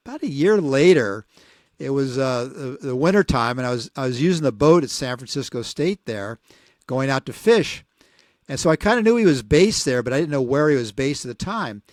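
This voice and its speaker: A man in his sixties, a podcast co-host telling a long story casually, rambling and animated, acting out what people said. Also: mid-range voice, moderate pace, no room sound, clean studio sound. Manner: rambling, animated, acts out quoted voices.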